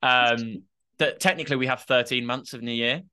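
A man co-hosting a podcast in easy, casual chat. His voice is bright and forward, and he leans on "like" fillers with a self-mocking streak. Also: medium pitch, steady tone, normal speed, smooth. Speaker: podcast co-host.

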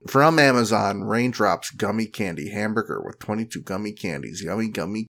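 A man's voice: fairly low pitch, lively intonation, moderate pace, a bit bright. A man co-hosting a podcast, chatting casually and reading product reviews aloud in a wry, mock-earnest way. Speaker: podcast co-host.

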